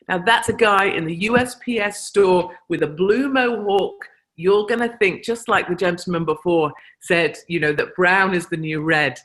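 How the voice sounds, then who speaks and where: A woman's voice: on the low side, normal speed, a bit bright. British woman, convention speaker, emphatic storytelling style to a live crowd. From Britain. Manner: chatty anecdotal storytelling, emphatic. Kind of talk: speech to a live audience.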